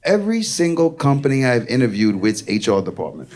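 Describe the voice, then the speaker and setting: A man's voice: mid-range voice, big pitch swings, fast, darkish tone. A young man with a Queens, New York accent doing a brash, swearing stand-up set in a comedy club. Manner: brash, swearing, exasperated storytelling. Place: comedy club with live audience. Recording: audience laughter in club.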